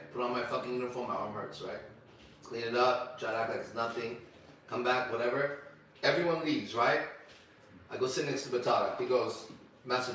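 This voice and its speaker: A man telling a story to a small group in a profane, animated way, with sudden shouts. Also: mid-range voice, far from the mic, a little hiss or hum. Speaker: ministry leader. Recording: echoey room, voice off-mic.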